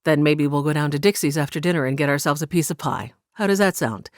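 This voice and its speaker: A woman's voice: low voice, fast, dry recording, clean studio sound, natural voice. Woman doing an earnest polite young man. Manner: earnest, well-mannered.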